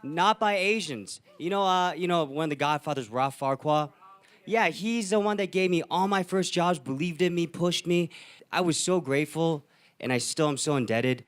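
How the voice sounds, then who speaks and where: A man's voice: fairly high pitch, normal speed, clean tone. A filmmaker on a panel, telling his story in an earnest, emphatic way. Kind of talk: panel talk.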